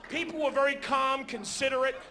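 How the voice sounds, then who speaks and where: High, bright-voiced stand-up comic. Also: male voice, a little fast, slight background noise. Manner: animated storytelling with sudden shouts. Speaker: stand-up comedian. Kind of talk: stand-up comedy routine. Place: theater stage before a live audience.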